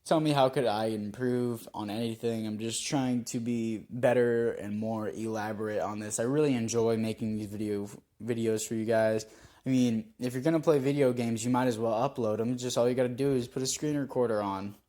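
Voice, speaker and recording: A mellow, medium-pitched male voice with fairly even intonation and a moderate pace carries this football video game commentary. The young gaming YouTuber rambles, puts himself down, and bursts out in frustration.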